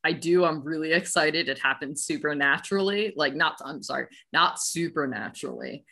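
A woman's voice: low-pitched, normal speed, sharp tone. A young woman in her twenties co-hosting a casual podcast, telling stories playfully and correcting herself. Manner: playful storyteller, self-correcting. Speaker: podcast co-host.

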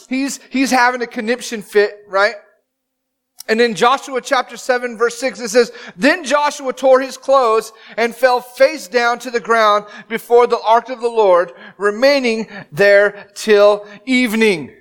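A man in his thirties preaching a sermon as pastor, telling the story with animated, dramatic acted-out quotes. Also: very high voice, unhurried, clean tone.

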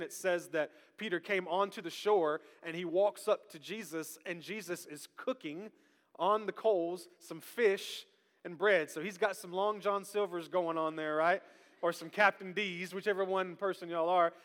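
A high, bright male voice with a drawl, preaching to his congregation. He keeps things lively and pulls the room into call-and-response. His voice rings out with a long reverb that fills the large church hall. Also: normal speed. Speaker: pastor. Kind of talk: sermon. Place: church sanctuary.

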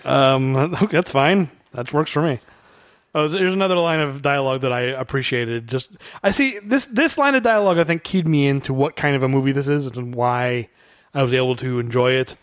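A man co-hosting a casual film discussion podcast, chatty and quick to laugh as he quotes lines. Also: medium pitch, no room sound, clean studio sound. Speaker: podcast co-host.

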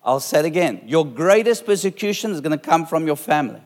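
A man's voice: a little high, expressive, fast talker, a little mellow. A middle-aged man preaching to a live congregation, driving his points home with repeated phrases and rising force. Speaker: pastor. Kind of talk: sermon. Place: church hall with a live congregation. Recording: long hall reverb.

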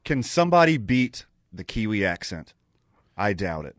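Playful lower-voiced sports radio co-host. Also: male voice, big pitch swings, no room sound. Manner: playful, agreeable, quick with a quip. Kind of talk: morning sports talk radio banter. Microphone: studio microphone.

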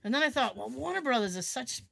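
Woman, podcast co-host, animated storyteller, very lively pitch. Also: quick pace, gravelly. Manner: animated, acts out quotes in voices. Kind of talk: casual chat.

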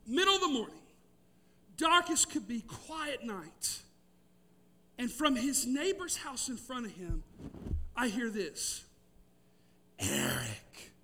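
A middle-aged man, preaching a sermon with emphatic, drawn-out key words and storytelling. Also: extremely high pitch, sing-song, bright, forceful tone, recorded from a distance, a little hiss or hum. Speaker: pastor.

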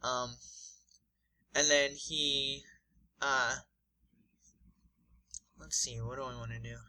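A man's voice: medium pitch, fairly even intonation, slow pace, sharp tone, poor audio. A man co-hosting a podcast, casually narrating an imagined fight with many fillers and restarts. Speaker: podcast co-host.

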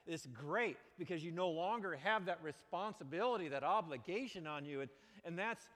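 A pastor with a fairly high voice preaches a sermon in a large church, his words trailing off into long hall reverb. He talks a little fast, swinging from bright, loud, emphatic exclamations to low, earnest, quiet passages.

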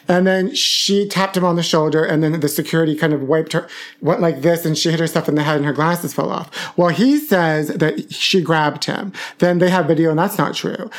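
Campy sassy male gossip host. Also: sits high. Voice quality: campy, sassy, theatrical delivery, calling listeners honey. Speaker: podcast host. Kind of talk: solo celebrity gossip podcast.

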